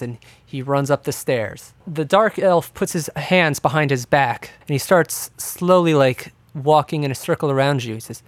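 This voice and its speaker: A man running a tabletop game as game master, narrating scenes in a lively, descriptive way. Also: mid-range voice, unhurried, hardly any pauses, no echo.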